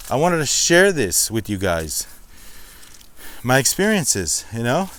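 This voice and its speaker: A man who hosts a slots channel talks to his viewers on an outdoor walk-and-talk vlog, slightly breathless from walking up a steep hill. He is chatty and reflective, calling the audience guys. His voice is medium-pitched with a clear, resonant tone.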